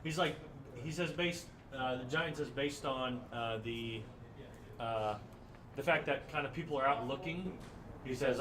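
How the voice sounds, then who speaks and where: A man narrating as game master of a tabletop game, joking and halting as he goes. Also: mid-range voice. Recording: roomy, distant mic with clear noise.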